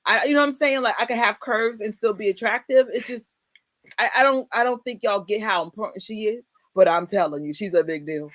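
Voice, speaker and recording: A woman's voice: mid-range voice, brisk, fairly bright tone, no echo. Woman in her forties, host, casual chat, emphatic, laughs often, dry close sound. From United States. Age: 40s.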